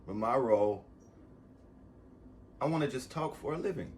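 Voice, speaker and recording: A man vlogging a casual motivational monologue, rambling and swearing, swinging from loud bursts to soft asides as he gets emotional and close to tears. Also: mid-range voice, expressive, moderate pace, a little hiss or hum.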